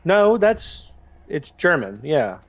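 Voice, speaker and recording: A man's voice: on the high side, big pitch swings, slow. Joking man chatting on a gaming stream. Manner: joking, reads chat messages aloud. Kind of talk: casual gaming livestream chat.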